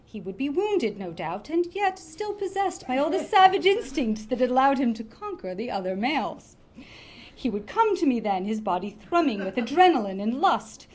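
A woman reading a comic novel aloud in a lively, expressive way. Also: a little high, a little hiss or hum. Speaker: reader.

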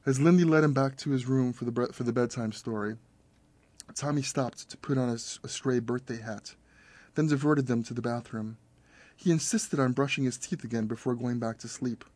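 A man reading a horror story aloud as narrator, in a steady, measured storytelling manner. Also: medium pitch, dry recording. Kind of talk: scripted audiobook narration.

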